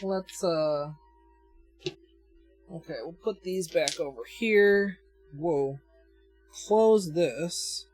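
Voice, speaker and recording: A woman's voice: on the low side, extremely slow, long pauses, darkish tone, faint music behind. A woman with a Minnesotan accent chatting casually on a livestream, thinking aloud as she demonstrates and answers her chat with frequent chuckles. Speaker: nail art livestreamer.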